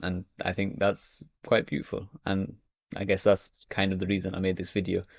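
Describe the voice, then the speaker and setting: Young male vlogger, low and gravelly, chatty and rambling, dry muffled lo-fi sound. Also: monotone, normal speed, dry recording. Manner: rambling, full of "you know" and "okay". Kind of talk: casual talk to camera. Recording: dry, dull lo-fi audio.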